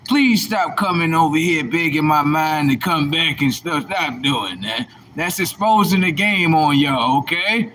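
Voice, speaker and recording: A man's voice: fairly high pitch, unhurried, hardly any pauses, fairly bright tone, slight background noise. A man hosting a livestream, delivering a combative, preachy monologue full of rhetorical questions. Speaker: livestream host.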